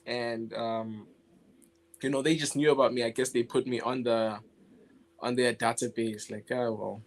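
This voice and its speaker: At medium pitch and moderate pace, a young South African guest animator chats in an informal interview. He sounds relaxed, breaks into laughter often, and keeps starting his phrases over.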